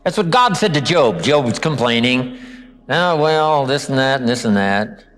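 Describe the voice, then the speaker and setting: An older man giving a motivational seminar talk, acting out quoted lines with dramatic pauses. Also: mid-range voice, lively intonation, fairly bright tone, soft background music. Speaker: motivational speaker.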